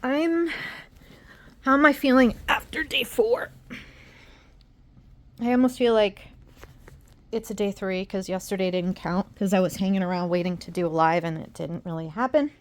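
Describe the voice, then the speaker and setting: A woman's voice: mid-range voice, normal speed, pauses often. A woman records a casual video diary at home and addresses her viewers directly. She rambles and pokes fun at herself, and she sounds tired. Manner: rambling, self-deprecating, chatty with viewers. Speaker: vlogger.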